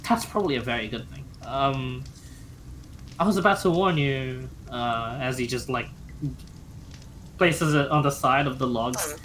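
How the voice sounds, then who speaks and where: Young male game master, mid-pitched, halting narration, faint background noise. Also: a bit bright. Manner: halting, many fillers and restarts.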